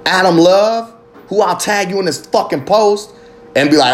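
A man's voice: a little high, expressive, a little fast. Fired-up profane man ranting on a podcast. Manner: heated, profane, preachy rant; asks the listener pointed questions. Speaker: podcast host. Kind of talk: impassioned podcast monologue.

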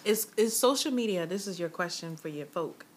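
A woman guesting on a podcast in casual chat, animated and profane, laughing loudly. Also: on the low side, moderate pace, a little hiss or hum.

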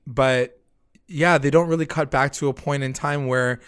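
Young man, casual recap chat, easygoing, mid-pitched voice. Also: moderate pace, clear, resonant tone. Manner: relaxed, chatty, says y'all, swears. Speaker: podcast co-host.

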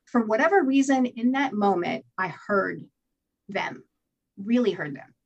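A woman guest telling her own recovery story in an interview, candid and animated, swearing freely and acting out what she told herself. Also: medium pitch, measured pace, gravelly, dull audio. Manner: candid, animated storytelling with profanity and acted-out inner voices. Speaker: podcast guest.

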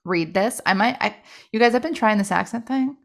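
A woman's voice: on the high side, fairly quick, vocal fry. A woman in her thirties co-hosting a podcast, chatting and reading old notebook entries aloud with frequent self-mocking laughs. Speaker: podcast co-host.

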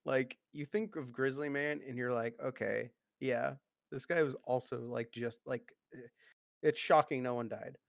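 A gravelly male voice with plenty of vocal fry, chatting loosely on a podcast and stumbling over fillers. The sound is close and dry. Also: medium pitch, fairly even intonation, no echo. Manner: halting, filler-heavy, laughs easily. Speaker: podcast co-host. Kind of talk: casual chat.

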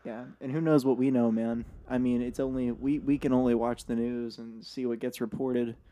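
A man's voice: medium pitch, level tone, normal speed, dark tone. A young man hosting a podcast in casual chat, rambling with fillers and repeated words. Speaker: podcast host.

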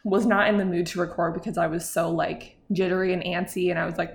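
A woman's voice: fairly low pitch, flat delivery, fast talker, gravelly, few pauses. A young adult woman hosting a podcast, telling a story in a rambling, chatty way full of filler words. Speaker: podcast host. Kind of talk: casual chat.

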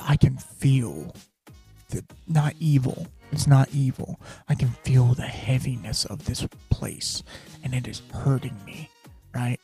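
A man's voice: medium pitch, vocal fry, mellow, slightly rough. A man hosting a podcast, telling a personal story in a candid, rambling way and dropping to a whisper when he quotes his own thoughts. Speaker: podcast host.

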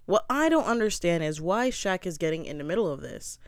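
A young adult recaps a reality show in casual commentary, blunt and opinionated, with frequent swearing. The voice is smooth and clear. The sound is dry and close, with no room sound. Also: mid-range voice, very animated, a little fast, no echo.

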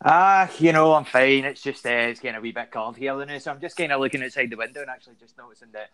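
A man's voice: medium pitch, fast, fairly bright tone, clean tone. Scottish guy cohosting a podcast, chatty and jokey. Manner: chatty and joking. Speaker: podcast co-host. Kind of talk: casual chat.

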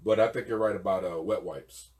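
A man's voice: sits low, fairly quick, a little mellow. A man co-hosting a podcast in casual chat, a laid-back storyteller who acts out voices while he retells things. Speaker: podcast co-host. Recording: distant mic with faint noise.

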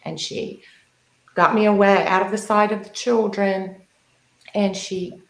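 A woman's voice: mid-range voice, little pitch movement, a little slow. A woman in her fifties, co-hosting a podcast, telling a personal story in casual chat with frequent restarts. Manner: storytelling, with restarts and self-corrections. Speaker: podcast co-host. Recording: echoey room.

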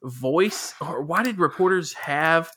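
Lively bright-voiced man, animated podcast chat. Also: on the high side, takes it slowly, slight background noise. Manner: animated, laughs often, reads questions aloud. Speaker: podcast co-host. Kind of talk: casual chat.

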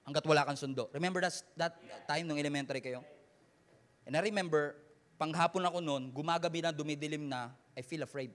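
A man with a Filipino accent preaching a Taglish sermon as pastor, swinging from shouted emphasis to hushed, quiet lines. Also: on the high side.

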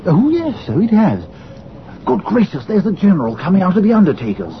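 An earnest excitable sidekick, high and bouncy, dull radio sound. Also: male voice, brisk, a little hiss or hum, heavily acted. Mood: eager. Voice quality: earnest, exclaiming. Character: earnest, eager gentleman sidekick.

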